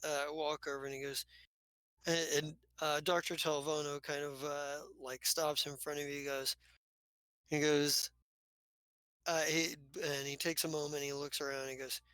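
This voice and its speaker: Brief: game master narrating a tabletop game, halting delivery, bright tone, dry close mic. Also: medium pitch, flat delivery, clear, resonant tone, no echo. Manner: halting narration full of restarts and fillers.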